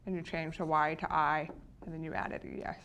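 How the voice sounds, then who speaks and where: Woman teacher, lower voice, steady lecture that keeps checking in with the class. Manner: checks in with frequent "right?"; slow, deliberate explanation of spelling patterns. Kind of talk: phonics lecture.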